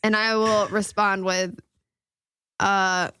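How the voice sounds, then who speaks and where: A woman's voice: medium pitch, flat delivery, slow, pushed and bright, clear, resonant tone, dry recording, studio quality. A woman comedian guesting on a podcast, amused and laughing easily as she reacts.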